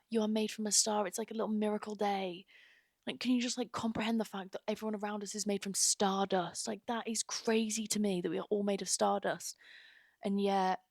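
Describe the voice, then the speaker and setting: Young woman, podcast host; earnest, rambling delivery, low fry-edged voice, recorded dry. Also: no room sound. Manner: earnest, rambling with many fillers. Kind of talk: casual heartfelt podcast monologue.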